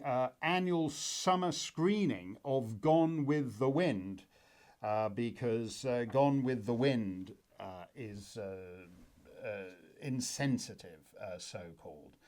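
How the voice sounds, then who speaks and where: A man's voice: medium pitch, a little mellow. A man hosting his own commentary show, talking off the cuff in a rambling, wry way with many fillers and restarts. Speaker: host. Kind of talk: casual spoken commentary.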